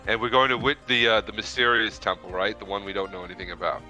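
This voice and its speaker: Low, bright-toned male player. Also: flat delivery, fast talker, faint music behind. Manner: laughing, pleading. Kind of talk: casual tabletop play.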